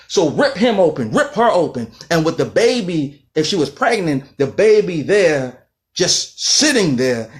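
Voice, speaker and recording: A man's voice: a little high, a bit bright. A man giving an impassioned lecture in a fiery, rhythmic way, repeating phrases for emphasis.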